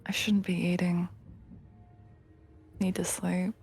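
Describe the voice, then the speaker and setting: Brief: woman streamer, tired and giggly, low-pitched voice, faint ambient hiss, drifts into whispers. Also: level tone, slow pace, vocal fry. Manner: laughs often, drifts into soft whispers. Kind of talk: casual chat reading viewer comments.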